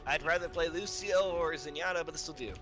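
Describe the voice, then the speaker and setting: Fast-talking hoarse man streaming a game. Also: on the high side, over music. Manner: rapid, frustrated grumbling with swearing. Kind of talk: live gameplay commentary.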